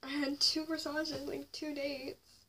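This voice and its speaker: A woman's voice: high voice, little pitch movement, slow. A young woman telling a personal story to camera, often dropping to a whisper and rising sharply in anger. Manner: confessional, swings between hushed whispers and raised anger. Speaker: vlogger. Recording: slightly distant mic with faint noise.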